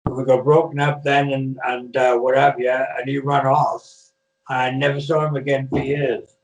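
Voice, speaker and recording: An older British man, a retired wrestler, speaks in a mid-range voice with flat delivery at a measured pace. Over a video call in a casual interview, he tells rambling stories full of restarts and fillers, recorded in an echoey room far from the mic.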